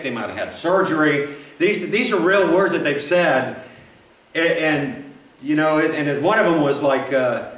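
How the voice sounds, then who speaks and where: A preacher heard from afar in a roomy church. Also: male voice, fairly high pitch, fairly bright tone. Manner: folksy, rambling, frequent restarts and asides. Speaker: pastor. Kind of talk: sermon. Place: church sanctuary. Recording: roomy, from a distance.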